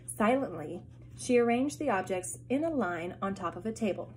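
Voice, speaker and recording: A woman teacher reads a chapter book aloud to her class, expressive and pausing for asides. Her voice sits at a middle pitch. A faint hiss runs underneath.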